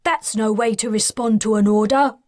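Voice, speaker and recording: A woman's voice: on the high side, a little slow, dry recording, studio quality, lightly acted. A woman voicing a stern male soldier officer who barks curt orders in an audiobook. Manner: curt and commanding.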